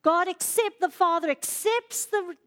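A woman preaching a sermon in church, emotional, swinging from loud, stirring lines to hushed, quiet ones. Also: very high voice, unhurried. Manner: emotional, rises loud then drops to hushed.

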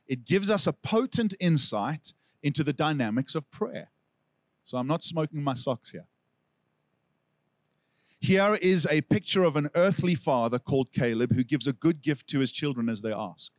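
A South African man preaching from the pulpit, his voice sitting a little higher than most men's. He tells the story with animated energy, slipping into the voices of the people he quotes. The sound is close and dry, with no room echo. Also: moderate pace. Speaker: pastor. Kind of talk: sermon.

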